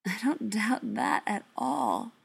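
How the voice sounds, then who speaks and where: A woman voicing a commanding, teasing male vampire who speaks slowly and gives orders. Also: medium pitch, big pitch swings, gravelly, husky, exaggerated voice.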